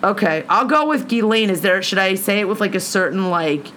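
A woman's voice: mid-range voice, fairly quick, a bit bright, slight background noise. A woman co-hosting a casual podcast chat, playful and chatty, drawing out her asides. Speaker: podcast co-host.

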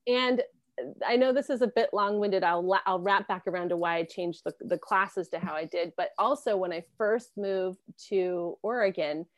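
At normal speed and in a mid-range voice, a South American woman in her thirties or forties tells casual personal stories as an interview guest. She laughs often and acts out other people's lines, and there is no echo.

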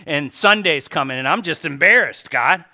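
A middle-aged man preaching to his church, a pastor telling stories in an animated way and quoting people in his own voice. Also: a little high, moderate pace. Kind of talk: sermon.

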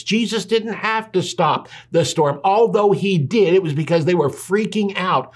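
Man, preacher, sermon, emphatic, repetitive, somewhat high voice. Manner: emphatic, rhetorical questions and repetition; reads scripture aloud in between.

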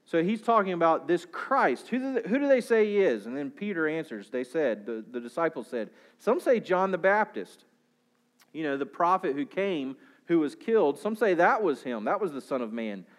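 Pastor, male, mid-high register; preaches an explanatory sermon, varies pace and volume. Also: big pitch swings, moderate pace. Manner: explanatory preaching with rhetorical questions, pace and volume rising and falling.

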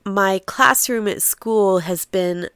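A woman's voice: medium pitch, slow, a bit bright, clear, resonant tone, dry recording, studio quality. A woman podcast host who is sick and sounds nasal and congested, chatting briefly and then reading a narrative passage aloud.

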